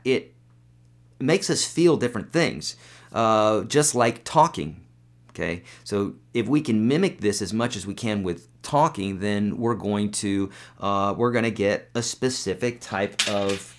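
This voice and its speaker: A man with a fairly low voice teaches guitar on a live webcast. He talks in a relaxed, rambling way, picking up viewer questions and answering them on the spot with plenty of filler words. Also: unhurried. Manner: chatty, loose, answers viewer comments with fillers and demos.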